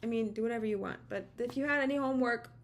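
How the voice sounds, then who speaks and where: A woman's voice: fairly high pitch, rapid-fire. A woman tarot reader giving a casual channeled message to camera from her home office, encouraging and emphatic, repeating words for stress. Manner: encouraging, repetitive, emphatic, chatty. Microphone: camera mic.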